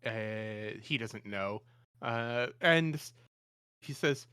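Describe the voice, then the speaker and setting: Smooth-voiced man playing a tabletop game. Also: mid-range voice, sharp tone, dry recording, clean studio sound. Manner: halting, heavy use of "uh". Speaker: player.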